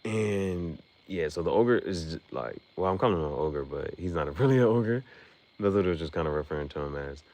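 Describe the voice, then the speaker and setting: A man's voice: low-pitched, lively intonation, a little fast, darkish tone. A man casually recapping an anime episode on his stream, in a loose, chatty way full of fillers and restarts.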